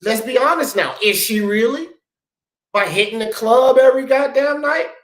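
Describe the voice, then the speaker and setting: A man's voice: extremely high pitch, moderate pace, echoey room, low-quality recording. A man hosting a talk show, ranting bluntly and profanely in heated commentary. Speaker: sports talk show host.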